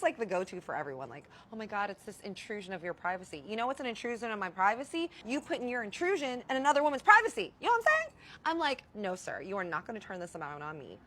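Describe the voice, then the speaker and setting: A woman's voice: on the low side, slight background noise. A young woman telling a personal story in a casual vlog, emphatic and acting out the quotes of the people in it. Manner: animated, emphatic, acts out quotes.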